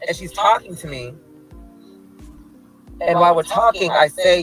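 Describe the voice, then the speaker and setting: A man's voice: high-pitched, a little slow, fairly bright tone, slightly rough, faint music behind, rough recording. A man filming himself outdoors in front of a building, talking to camera in a flamboyant, theatrical, mocking casual rant. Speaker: activist filming a street vlog.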